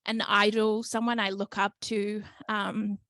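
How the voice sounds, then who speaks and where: A woman's voice: mid-range voice, little pitch movement, a little slow, a bit bright, dry recording. A woman hosting a casual podcast interview, emotional and gushing, with many ums. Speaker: podcast host.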